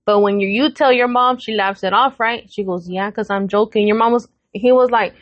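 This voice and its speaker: A woman's voice: medium pitch, normal speed, no echo, highs cut off. Woman telling a blunt family story. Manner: animated retelling with quoted voices, frequent swearing. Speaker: podcast co-host. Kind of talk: casual storytelling chat.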